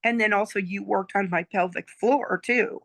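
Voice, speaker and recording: Chatty grandmother in her sixties, gravelly. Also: mid-range voice, moderate pace, fairly bright tone, no room sound. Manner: chatty, checks in with "okay?" and "right?". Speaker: client giving a testimonial. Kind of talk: casual storytelling chat.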